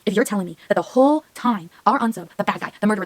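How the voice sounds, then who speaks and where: Young adult woman, book vlogger, rambling excitable chat with whispered asides, medium pitch. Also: racing, a little hiss or hum. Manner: excitable, rambling, with many filler words and frequent whispering asides. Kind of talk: casual reading vlog.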